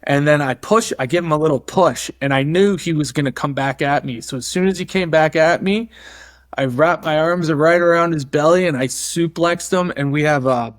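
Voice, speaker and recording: A man's voice: fairly high pitch, normal speed. A man as a podcast guest, telling a story in a casual way, acting out the voices of others and using many fillers. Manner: animated, acts out quoted voices, many fillers.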